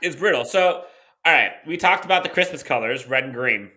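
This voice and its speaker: A man's voice: fairly high pitch, expressive, fairly quick, bright, forceful tone. A man co-hosting a sports podcast, rattling off team stats in casual chat with dry laughs. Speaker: podcast co-host.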